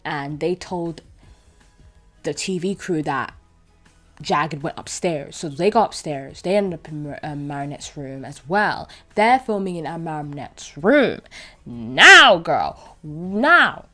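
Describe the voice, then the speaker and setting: A young woman talks through a cartoon episode in a loose, chatty review, stumbling over words and circling back as she goes. Her voice sits a little low for a woman. Faint music plays quietly behind her. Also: a little slow. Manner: chatty and animated, with many fillers and restarts. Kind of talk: casual spoken episode review.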